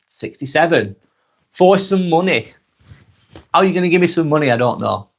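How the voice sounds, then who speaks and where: A man in his forties with a Northwest English accent, getting over a cold, reading out viewers' comments and chatting back in a relaxed, friendly way. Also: a little high, a little fast, gravelly. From Northwest England. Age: 40s. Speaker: live stream host reading comments. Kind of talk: casual live chat.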